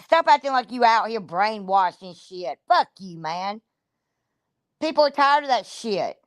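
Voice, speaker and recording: A woman's voice: mid-range voice, animated, unhurried, no echo. A woman streaming a profane, confrontational rant. She is blunt and she talks straight at the listener. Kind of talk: ranting livestream commentary.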